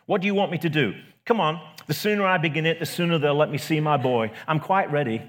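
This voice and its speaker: A man's voice: on the high side, quick pace, natural voice. A man voicing the bitter, possessive ghost of a mother who speaks in a snappish, demanding way. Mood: curt.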